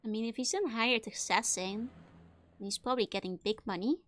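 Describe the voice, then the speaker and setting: A woman VTuber giving casual let's-play commentary, chatty and quick to laugh. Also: fairly high pitch. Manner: giggly and chatty, with frequent laughs. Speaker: VTuber streamer.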